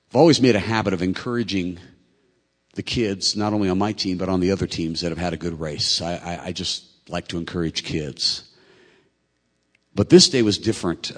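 Earnest and emotional, this middle-aged preacher, who also coaches track, recounts a personal story during a sermon, building to loud peaks. His low voice trails off into a long reverb tail.

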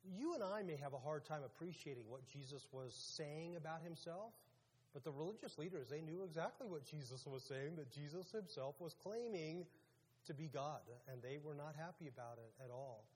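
A man's voice: a little high, normal speed, a little mellow, slight background noise. A man preaching a casual, conversational sermon as pastor, putting questions to his audience. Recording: long hall reverb.

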